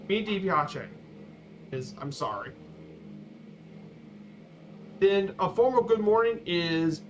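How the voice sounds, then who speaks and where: A man streaming a flight simulator, giving a casual slideshow talk with halting, repeated words and fillers. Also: high voice, animated, a bit bright. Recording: dull lo-fi stream audio with faint noise.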